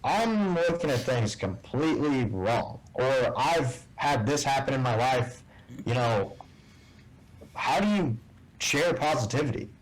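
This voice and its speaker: A man as a guest in a casual interview, telling a story and acting out the dialogue with lively shifts in voice. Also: medium pitch, unhurried, poor audio. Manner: animated storyteller who acts out quoted dialogue. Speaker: guest, tournament bass angler.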